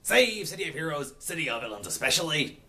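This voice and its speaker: A man's voice: a little high, sing-song, fast talker, pushed and bright. A man running his own channel, talking in hammy pirate speak in a rambling, self-correcting casual vlog. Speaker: channel owner.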